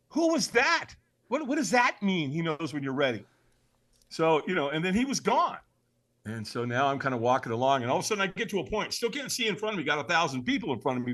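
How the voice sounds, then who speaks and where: Guy on a podcast telling a story, voice sits a bit high and bounces all over, acts out the quotes. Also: a bit bright. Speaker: podcast guest. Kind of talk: animated personal storytelling.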